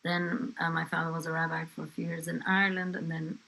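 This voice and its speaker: Older English-born grandmother, chatty storyteller, bright gravelly tone. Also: deep voice, little pitch movement, fairly quick, rough recording. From England. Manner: conversational, with fillers and asides. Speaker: interviewee, grandmother. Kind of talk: family history storytelling.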